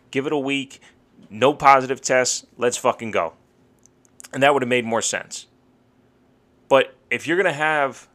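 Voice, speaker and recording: A young man with a bright, forceful voice rants heatedly on a casual podcast. His delivery is profane and blunt, full of frustrated asides and swearing, in an ordinary middle pitch. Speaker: podcast co-host.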